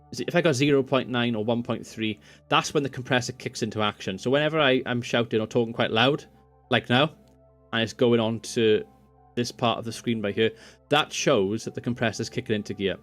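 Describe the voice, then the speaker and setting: A man's voice: mid-range voice, steady tone, a little fast. Man, home-desk tech tutorial host, loose and rambling, self-correcting, faint music underneath. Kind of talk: screen-recorded software tutorial. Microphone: USB condenser microphone.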